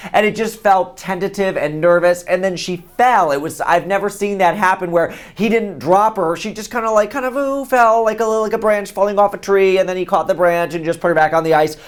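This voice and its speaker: A man talking unscripted to camera, chatty and opinionated, giving animated commentary. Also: high voice. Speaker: vlogger.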